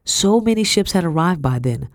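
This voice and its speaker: Woman audiobook narrator, first-person historical fiction; steady, expressive, dry booth sound. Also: lowish voice, normal speed, no room sound.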